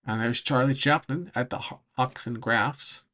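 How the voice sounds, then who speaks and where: A man's voice: mid-range voice, steady tone, normal speed, sharp tone. Rambling man with lots of fillers. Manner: rambling, hesitant, many fillers, often searching for words; laughs between phrases. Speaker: vlogger answering chat. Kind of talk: casual livestream chat over travel footage.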